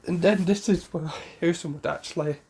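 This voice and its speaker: A man's voice: a little high, a little fast, a little mellow, a little hiss or hum. A man casually retelling a fan story, rambling with fillers, self-corrections and the odd cough.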